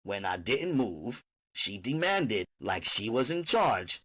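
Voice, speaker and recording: A man's voice: mid-range voice, very animated, measured pace, a bit bright. A man reading an audiobook aloud in first-person narration.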